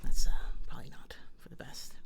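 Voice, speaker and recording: Whispering and talking a little fast, an American woman casually chats on her live stream with headphones on, playfully saying hello to viewers by name.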